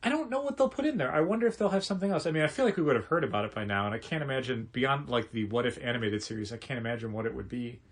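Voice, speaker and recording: A man's voice: medium pitch, rapid-fire, few pauses, husky. A man co-hosting a comic shop podcast, talking in a chatty, rambling way with lots of restarts. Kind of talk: casual chat.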